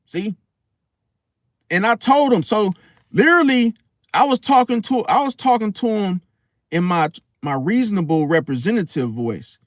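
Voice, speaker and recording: A man's voice: high-pitched, unhurried, no room sound, clean studio sound. A man casually telling a story in slangy talk and acting out the quoted lines. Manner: animated, slangy, acts out quotes. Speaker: podcast host.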